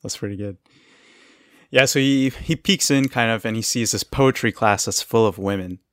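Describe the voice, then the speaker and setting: A man's voice: lowish voice, normal speed, a bit bright, dry recording. A man co-hosting a podcast, casually recapping a cartoon episode, laughing often as he retells scenes. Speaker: podcast co-host.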